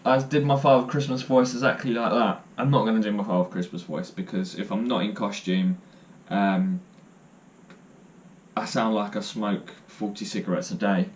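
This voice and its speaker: A young male vlogger with a lowish voice talks to the camera at a moderate pace, spinning stories and joking at his own expense. His delivery rambles loosely, with plenty of ums and uhs, and there's a slight hiss or hum in the recording.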